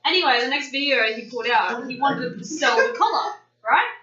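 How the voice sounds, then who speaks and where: A woman's voice: sits high, expressive, moderate pace, pushed and bright, slight background noise. A woman hosting a casual podcast chat, swearing and laughing often. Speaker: podcast host. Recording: roomy, distant, dull lo-fi recording.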